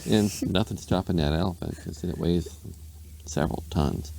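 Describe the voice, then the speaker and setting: Gravelly low-voiced dad telling a bedtime story. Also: male voice, normal speed, mellow, slight background noise. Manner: rambling, playful, with silly asides.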